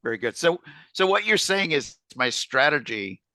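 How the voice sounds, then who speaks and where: A man's voice: on the high side, very animated, moderate pace, pushed and bright, dry recording. A man co-hosting a podcast in casual chat, laughing easily and repeating his words as he gets going. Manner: laughs often, repeats words as he starts sentences. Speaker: podcast co-host.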